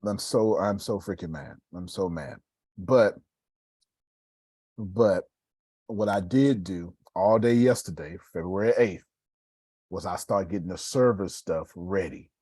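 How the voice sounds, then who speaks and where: A man giving a casual, preacherly motivational talk on live video, swinging between loud bursts and hushed asides. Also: deep voice, a little slow, long pauses, slightly rough, no echo.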